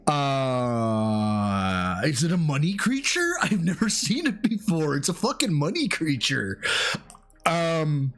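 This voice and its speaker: Excitable, foul-mouthed streamer guy. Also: on the high side, slow pace, soft background music. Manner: excitable, swears freely, rambling with restarts. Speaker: streamer host. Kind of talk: casual livestream chat.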